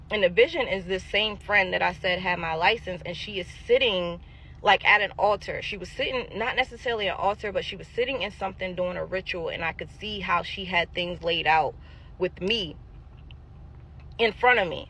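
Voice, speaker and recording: A woman telling her own story in a casual storytime monologue, emphatic and animated, acting out what people said and talking straight to her listeners. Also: medium pitch, poor audio. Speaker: storyteller sharing a personal testimony.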